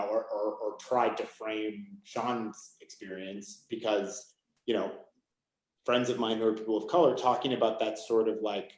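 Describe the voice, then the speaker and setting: A man from Maine talks as a guest author in loose, rambling sentences, leaning on "you know" and "like". His voice sits a bit low. He comes through a video call with a noticeably echoey room around him. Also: a little mellow. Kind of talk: casual conversation.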